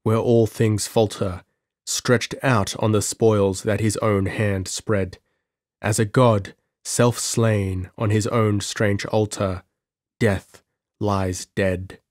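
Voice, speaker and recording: A man narrating an audiobook with measured, dramatic delivery. His voice is low and unhurried, recorded close and dry with no room sound. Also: steady tone, no room sound.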